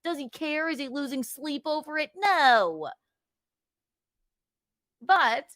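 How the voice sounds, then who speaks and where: A woman's voice: sits high, animated, takes it slowly, long pauses, fairly bright tone, no echo. Woman, podcast guest, profane, defensive, rambling, dry close recording. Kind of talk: heated casual chat.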